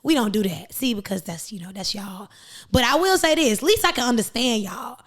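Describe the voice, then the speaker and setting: An American woman hosting a podcast, talking in an animated, emphatic, preachy casual chat. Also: on the high side, brisk. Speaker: podcast host.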